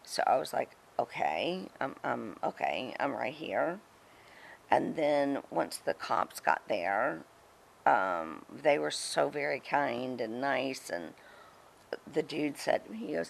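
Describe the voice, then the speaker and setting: A middle-aged woman telling a story in a casual interview, animated and chatty, acting out what others said. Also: extremely low pitch, slow pace, creaky, a little hiss or hum. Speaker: guest, former wrestling personality.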